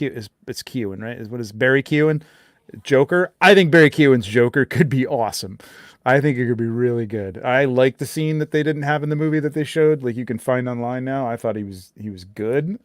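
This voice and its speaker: A man co-hosting a casual chat, rambling and trailing off softly. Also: medium pitch, normal speed, no room sound, studio quality. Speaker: co-host.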